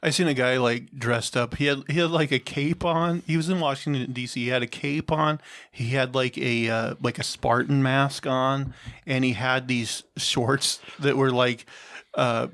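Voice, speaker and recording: Gravelly-voiced man, dry close sound. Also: mid-range voice, fairly even intonation, normal speed, a bit bright, no room sound. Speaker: podcast co-host. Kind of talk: casual comedic chat.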